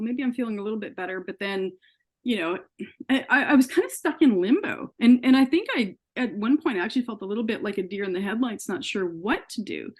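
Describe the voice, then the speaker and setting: Earnest woman telling her story. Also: medium pitch. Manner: earnest storytelling, acts out quoted dialogue. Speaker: interview guest. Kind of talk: personal story in an interview.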